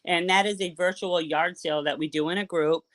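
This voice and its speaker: A woman from Boston with a Boston accent, chatting excitedly and casually as a guest on a live call-in show, swearing now and then. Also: on the low side, fairly quick. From Boston, USA. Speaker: caller guest.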